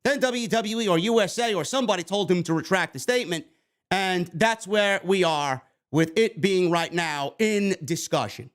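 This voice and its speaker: High-voiced man ranting from New York. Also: moderate pace. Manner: heated, profane, sarcastic ranting. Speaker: wrestling show reviewer. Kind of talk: ranting commentary.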